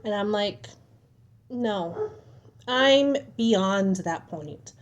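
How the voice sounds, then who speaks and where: A woman's voice: mid-range voice, lively intonation, drawn-out words, muffled recording. A young woman venting casually to the camera at home, frustrated and exasperated as she retells an argument. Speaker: vlogger. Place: home, at a table.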